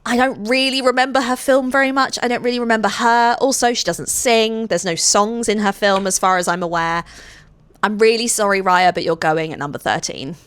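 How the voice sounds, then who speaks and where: A young adult woman chatting to camera as a vlogger, gushing and often apologising with quick asides. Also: a little high, fairly bright tone, clean tone, no echo. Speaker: vlogger and party princess performer. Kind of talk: casual chat to camera.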